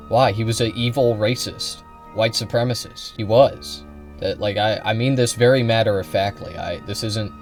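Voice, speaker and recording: A man giving heated, profane commentary on a live stream, often repeating himself and restarting sentences. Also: lowish voice. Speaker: political streamer reacting to a clip.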